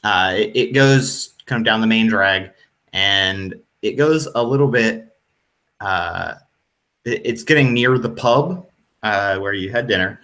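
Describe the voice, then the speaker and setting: Slow bright-voiced man running a tabletop game. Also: fairly low pitch. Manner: hesitant, many ums and restarts. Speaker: game master.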